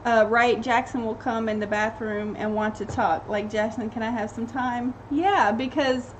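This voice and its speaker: Mom reading out stream comments, bit high voice, chatty little asides. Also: female voice, steady tone, normal speed, heavy background noise. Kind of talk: casual livestream chat.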